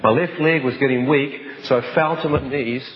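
A man's voice: mid-range voice, moderate pace. A man giving a personal testimony as a dramatic story, intense and vivid, with some restarts. The sound is dull, with a long hall reverb.

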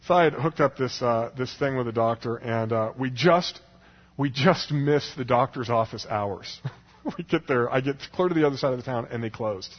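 Husky man rambling through a story. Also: mid-range voice, moderate pace, highs cut off. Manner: rambling, many "you know"s and restarts. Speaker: speaker telling a personal story. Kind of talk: storytelling talk.

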